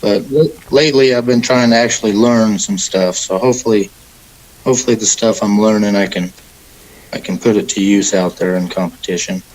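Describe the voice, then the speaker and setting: Laid-back young fighter, rambling. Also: male voice, on the low side, fairly even intonation, brisk, darkish tone, poor audio. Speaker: MMA fighter, guest. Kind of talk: casual interview answers.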